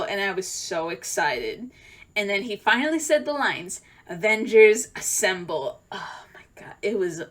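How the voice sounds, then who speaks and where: A young woman tells a story-time vlog in a rambling, heartfelt way, with lots of fillers and false starts. Her voice sits at a middle pitch. She swings between loud bursts of excitement and soft, near-tearful talk. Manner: rambling, emotional, many fillers and restarts. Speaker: vlogger.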